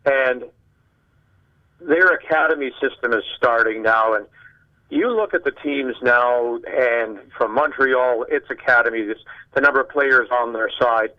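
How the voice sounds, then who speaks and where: An older man from Canada, a guest sportscaster, chatting casually and telling animated anecdotes with acted-out dialogue. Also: medium pitch, measured pace, highs cut off. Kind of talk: casual conversation, storytelling.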